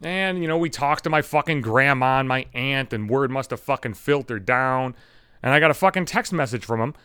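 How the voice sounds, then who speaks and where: A man's voice: mid-range voice, animated, brisk, pushed and bright, smooth, no room sound, clean studio sound. Profane, angry young man ranting. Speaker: podcast host. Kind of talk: solo podcast rant.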